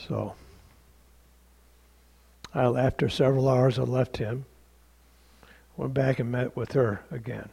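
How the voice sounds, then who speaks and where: A man's voice: mid-range voice, fairly even intonation, slow pace, creaky, long pauses, mellow, breathy edge. A man pastor telling a story in a sermon, plainly and conversationally, acting out the dialogue.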